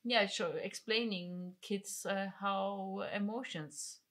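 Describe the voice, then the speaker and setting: A woman's voice: medium pitch, slow pace, a bit bright. A woman co-hosting a podcast in casual conversation, talking loosely with lots of "like" and "you know". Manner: chatty, fills speech with "like" and "you know". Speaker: podcast co-host.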